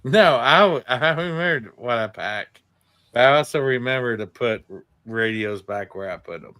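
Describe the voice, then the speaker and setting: A man's voice: mid-range voice, normal speed, pushed and bright, smooth. A man with a Midwestern accent co-hosting a casual livestream, bantering in a wry, teasing way. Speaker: co-host.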